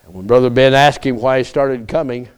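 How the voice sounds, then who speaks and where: A man preaching a sermon as pastor, emphatic, with repeated rhetorical questions and drawn-out phrases. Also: mid-range voice, steady tone, clean tone.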